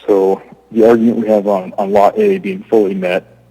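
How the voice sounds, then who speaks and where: Husky-voiced man presenting his case. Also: on the low side, level tone, warm tone, rough recording. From Alaska. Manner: halting, restarts often. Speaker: applicant. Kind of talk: public testimony at a zoning hearing.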